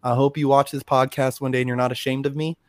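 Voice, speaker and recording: A man co-hosting a podcast in casual chat, talking in a rambling, animated and profane way. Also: medium pitch, fast talker, no room sound, clean studio sound. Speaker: podcast co-host.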